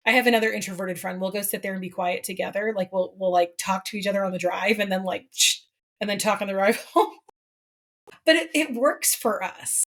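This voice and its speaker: A woman's voice: mid-range voice, quick pace, hardly any pauses. Middle-aged woman, podcast co-host, casual and candid, rambling asides. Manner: candid storyteller, chatty with many asides. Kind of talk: casual conversation.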